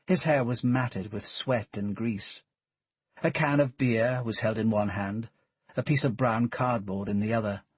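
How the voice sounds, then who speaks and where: A man reading an audiobook in a measured, steady narration. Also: on the low side, breathy edge, no echo. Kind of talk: scripted narration. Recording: dull, dry studio recording.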